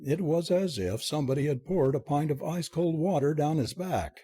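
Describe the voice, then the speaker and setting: A man narrating a comic story as an audiobook reader, reading in a lively, expressive way. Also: a little high, normal speed, husky, no room sound.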